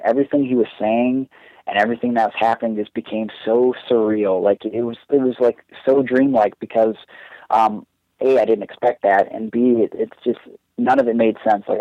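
A man's voice: fairly low pitch, fairly even intonation, a little fast, no room sound. A young man, a wrestler guest on a podcast, telling a long personal story in a casual, earnest, rambling way, with many "like"s. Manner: earnest, rambling, heavy use of "like". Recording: dull, dry lo-fi sound.

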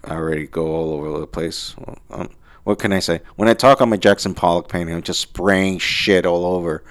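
A man's voice: low-pitched, fairly even intonation, fairly quick. A man from the Dominican Republic hosting a solo podcast, rambling and cursing while he mocks himself. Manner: rambling, profane, self-mocking. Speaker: podcast host. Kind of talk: casual solo monologue.

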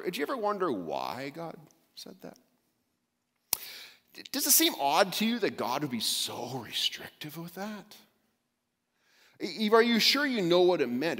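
Sly high-pitched tempter devil guy a man putting it on, soft needling questions, echoey hall. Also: huge pitch swings, normal speed, heavily acted. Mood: insinuating. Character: sly insinuating male serpent-devil tempter.

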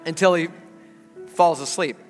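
A man in his thirties preaching a sermon as a pastor, telling an animated story before turning earnest. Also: a little high, measured pace. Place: church auditorium. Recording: large hall with long reverb, faint music.

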